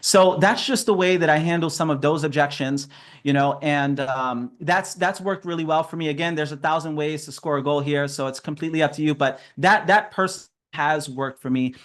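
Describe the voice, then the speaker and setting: A man with a notably high voice runs a relaxed training session over a video call. He talks in a chatty, upbeat way and laughs often as he walks through his advice. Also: normal speed. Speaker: sales trainer. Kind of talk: casual training talk.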